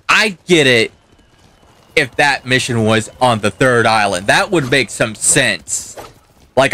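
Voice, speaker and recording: A man's voice: mid-range voice, pushed and bright, no echo. A young man swearing and ranting as he comments on his own gameplay. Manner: profane, ranting, talks back to the game. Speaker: gaming channel host. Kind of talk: let's play commentary.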